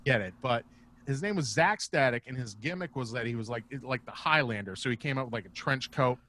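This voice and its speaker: Bright-voiced man telling stories. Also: mid-range voice, brisk, a little hiss or hum. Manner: profane, rambling and animated. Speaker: guest, comedian and former wrestler. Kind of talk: casual storytelling. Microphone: video call.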